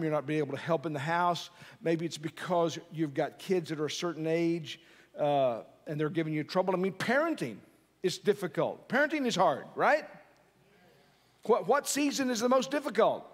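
Middle-aged guy preaching, chatty and jokey, fairly high voice, hall echo trailing off. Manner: conversational, joking, asks the audience questions. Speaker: pastor. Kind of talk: sermon. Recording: long hall reverb.

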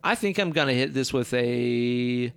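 A man's voice: mid-range voice, expressive, measured pace, gravelly, fairly bright tone, clean tone. A man co-hosting a casual podcast, joking around and riffing. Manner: jokey, riffs in silly voices. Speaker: podcast co-host. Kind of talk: casual chat.

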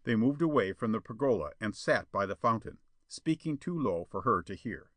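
A male narrator reads an old adventure story with expressive, lively intonation. His voice is bright and forceful, and the recording is dry and close-miked. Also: lowish voice, moderate pace, dry recording. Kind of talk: audiobook reading of a pulp adventure tale.

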